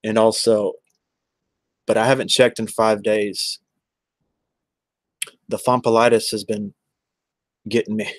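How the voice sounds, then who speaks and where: A man's voice: lowish voice, little pitch movement, slow, long pauses, no echo. A man, chatting casually on a livestream and answering viewers by name in a rambling way. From Texas.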